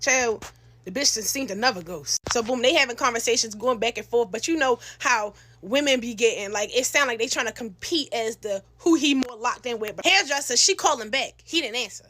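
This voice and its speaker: A young woman tells a messy storytime in a casual, slangy way. Her voice sits high and sounds bright and sharp, and she throws herself into acting out every line. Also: fairly quick. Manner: animated, slangy, acts out voices in her telling.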